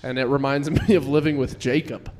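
A man's voice: mid-range voice, flat delivery, fairly quick, darkish tone. A young man co-hosting a comedy show and keeping time, throwing in dry, teasing remarks. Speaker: comedy show co-host and timekeeper. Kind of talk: stand-up hosting banter.

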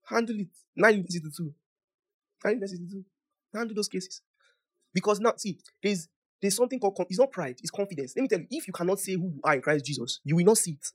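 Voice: mid-range voice, fast, breathy edge. A preacher giving a conversational sermon, asking the listeners questions and laughing often, then praying aloud in tongues. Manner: prays aloud in tongues, rising in loudness. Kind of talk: sermon and prayer.

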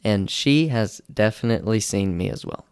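A man's voice: lowish voice, expressive, moderate pace, smooth, no room sound, clean studio sound. A young man hosting a podcast, telling a rambling, self-deprecating story in casual talk and acting out the quotes in raised voices. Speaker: podcast host.

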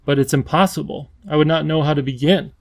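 A man's voice: a little high, fairly even intonation, fast, no room sound, natural voice. A man voicing an earnest, polite professor who sounds courteous and anxious.

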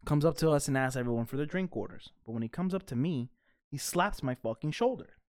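A man's voice: a little high, fairly quick. A man co-hosting a podcast, telling a story in casual, profane chat. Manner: animated, profane, laughs while telling a story. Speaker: podcast co-host.

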